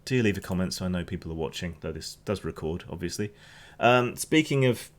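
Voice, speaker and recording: Host: Hampshire man, very low voice, loose rambling news commentary, lots of restarts. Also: lively intonation, fairly quick. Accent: Hampshire English. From England. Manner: rambling, restarts often, opinionated.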